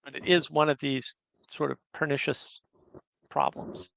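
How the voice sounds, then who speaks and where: A man's voice: fairly high pitch, fairly even intonation, measured pace, vocal fry, fairly bright tone, dry recording. A man hosting a casual livestream, chatting and reading viewer comments aloud. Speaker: livestream host.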